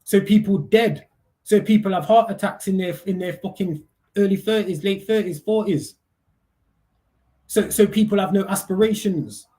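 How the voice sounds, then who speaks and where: A middle-aged man rants casually on a livestream, heated and profane, in heavy street slang, repeatedly asking "you get me." His voice sits high with a warm tone at a moderate pace.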